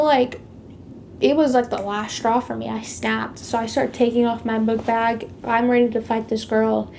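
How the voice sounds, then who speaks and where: A woman's voice: fairly high pitch, gravelly, a little mellow, slight background noise. A woman telling a personal story in a casual, chatty way, leaning hard on "like" and stressing the big moments. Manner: chatty, heavy use of "like"; emphatic retelling of a past conflict. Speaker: vlogger sharing a faith testimony.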